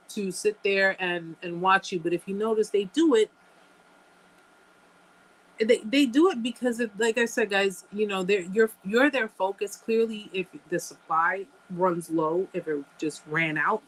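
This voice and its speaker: A woman's voice: medium pitch, poor audio. A woman hosting a live chat, talking emphatically to her viewers, repeating phrases and calling them guys. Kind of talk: casual live-stream chat.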